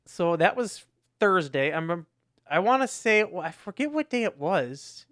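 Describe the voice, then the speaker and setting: A man's voice: high voice, sing-song, a little slow, fairly bright tone, no room sound, clean studio sound. A man co-hosting a podcast, telling a rambling story in casual chat with lots of restarts. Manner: rambling storytelling with many restarts and acted quotes. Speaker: podcast co-host.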